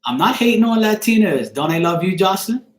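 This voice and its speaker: A man's voice: sits high, animated, brisk. A Bermudian man chatting casually on a live stream, joking and swearing offhandedly as he answers viewers by name. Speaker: live streamer reading chat. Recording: echoey room.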